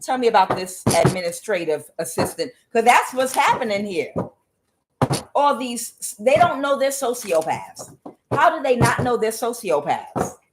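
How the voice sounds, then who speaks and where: A woman giving a tarot reading as an angry, profane rant, mocking the people she blames and filling pauses with "uh". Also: on the high side, big pitch swings, noisy background. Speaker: tarot reader. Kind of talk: ranting tarot reading monologue.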